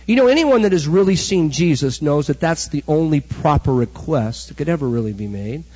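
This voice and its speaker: Preacher, male, middle-aged, fairly high and a bit husky, dull lo-fi sound. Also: brisk. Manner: animated storytelling preacher, acts out quotes. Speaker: pastor. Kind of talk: sermon. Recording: dull recording with hall echo.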